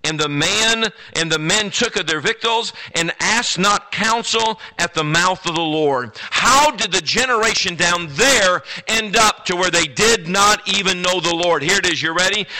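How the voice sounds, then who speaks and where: A man preaching a sermon to teenagers in a church, swinging between loud declarations and hushed, drawn-out words, and calling out to his audience. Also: high-pitched, animated, slight background noise, low-quality recording. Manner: commands and banters with the audience. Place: church sanctuary before a congregation.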